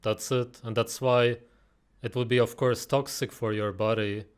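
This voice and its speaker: A man's voice: medium pitch, fairly even intonation, unhurried, clear, resonant tone. A man giving mocking, sarcastic reaction commentary on a video. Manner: scornful, sarcastic.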